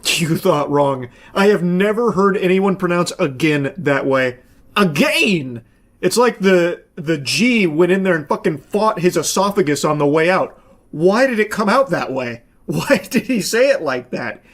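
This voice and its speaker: A man commentating casually on a clip he pauses, with sarcastic, profane, exasperated rants. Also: high-pitched, lively intonation.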